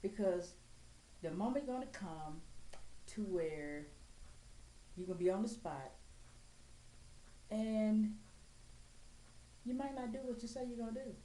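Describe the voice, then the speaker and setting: A woman's voice: medium pitch, slow pace, long pauses, warm tone. Blunt, profane woman ranting in an echoey room. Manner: blunt, profane, straight-talking. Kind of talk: blunt profane rant to camera. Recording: echoey room with faint ambient noise.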